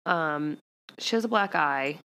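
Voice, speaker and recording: A woman's voice: deep voice, expressive, slow, a bit bright. Chatty woman podcaster, rambling recap. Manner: rambling, heavy use of "like". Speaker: podcast co-host. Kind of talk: casual chat recapping a TV episode.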